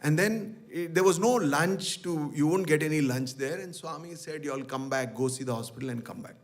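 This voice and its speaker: A man's voice: a little high, a little fast. A middle-aged man, telling personal memories to a devotional gathering and acting out the dialogue he quotes. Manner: animated storyteller, acts out quoted dialogue. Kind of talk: storytelling talk.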